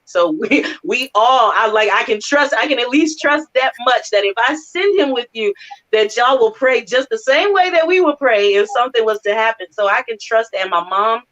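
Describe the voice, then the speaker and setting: A woman's voice: on the high side, lively intonation, moderate pace, a bit bright. Earnest mother talking candidly, lo-fi sound. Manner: earnest, laughs often, quotes family members. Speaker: guest, mother of four. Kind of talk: candid conversation on a talk show. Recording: dull lo-fi audio.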